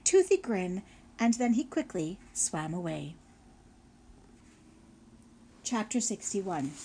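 A woman narrating a children's novel in a steady storytelling manner. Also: medium pitch. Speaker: audiobook narrator. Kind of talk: scripted narration.

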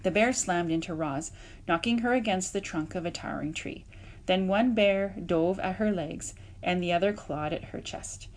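A woman reading a children's novel aloud, with expressive, lively narration and voiced sound effects. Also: on the low side, normal speed. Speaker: audiobook reader. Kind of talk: storybook read-aloud.

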